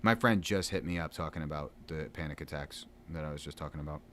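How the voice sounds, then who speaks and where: A man's voice: a bass voice, fast, fairly bright tone, slight background noise. A man around thirty, chatting loosely and poking fun at himself while he plays a game at home. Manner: loose, chatty, self-mocking, plenty of fillers. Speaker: gaming vlogger. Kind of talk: casual rambling chat while gaming.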